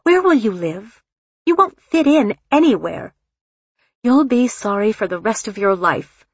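A woman's voice: medium pitch, big pitch swings, slow, fairly bright tone, husky, no echo, pitched above the performer's own voice, heavily acted. A woman voicing a fretful, disapproving older mother who pleads insistently. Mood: pleading insistent.

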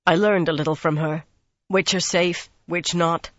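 A narrator voicing a guarded, hard young man who speaks softly yet harshly in a storybook reading. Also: mid-range voice, steady tone, a little slow, dry recording, muffled recording, natural voice. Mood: hard, tense. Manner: soft-spoken but harsh.

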